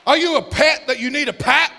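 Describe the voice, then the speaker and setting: A pastor preaching a sermon, building up to shouts and asking the congregation questions. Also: male voice, very high-pitched, a little fast, vocal fry. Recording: long hall reverb.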